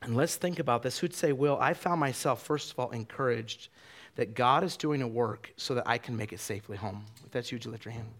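A man preaching a sermon, telling a story in a loose, conversational way with many restarts, dropping his voice low for quoted lines. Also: a little fast, fairly bright tone. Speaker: pastor.

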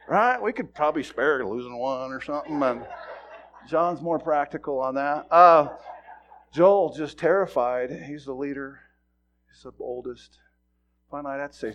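A middle-aged male pastor preaching a sermon, telling a personal story in a folksy, animated way with sudden loud bursts. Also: on the high side, moderate pace.

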